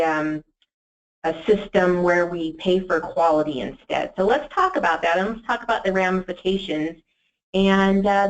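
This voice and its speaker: A woman's voice: lowish voice, muffled recording. A woman presenting a webinar in a casual, enthusiastic way, with many fillers and restarts.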